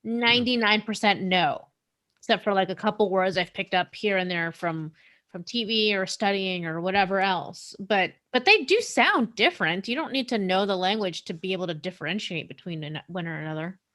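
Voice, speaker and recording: A woman's voice: mid-range voice, normal speed, fairly bright tone. A woman in a casual podcast chat, speaking confidently with a wry, self-assured tone.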